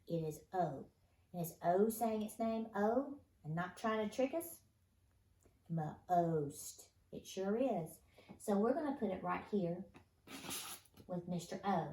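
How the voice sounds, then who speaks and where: A woman with a fairly low, slightly mellow voice teaches first graders a phonics lesson. She's patient and encouraging, responding to the children's imagined replies, in an echoey room with faint noise.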